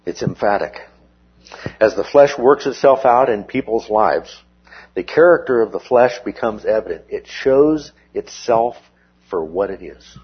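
Guy teaching bible study, low husky voice, slow and explaining, dull lo-fi sound. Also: lively intonation. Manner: measured, explanatory, checks in with "okay?". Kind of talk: verse-by-verse Bible study lesson.

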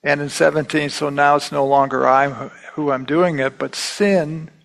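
A middle-aged man leads a Bible class in a sermon-like but conversational style, repeating himself and acting out the quotations he reads. His voice is on the high side and creaky, with a steady tone and moderate pace. The audio quality is poor.

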